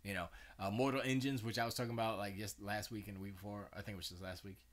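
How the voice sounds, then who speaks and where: Speaking fast in a low, steady voice, a tired man hosts a livestream from his home studio. He chats casually, meandering from one thought to the next, correcting himself, and dropping frequent fillers and slangy asides.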